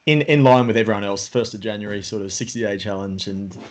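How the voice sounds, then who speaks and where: A middle-aged man hosting a casual podcast chat, his voice sitting a little low. He rambles along, filling gaps with "you know" and loose restarts, on a home podcast microphone. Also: fast. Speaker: podcast host. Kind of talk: casual conversation.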